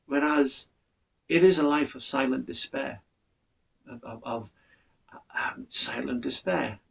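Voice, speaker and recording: An older man, talking in an earnest, measured monologue and often restarting his words. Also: mid-range voice, vocal fry, far from the mic, rough recording. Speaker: podcast speaker. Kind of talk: reflective monologue.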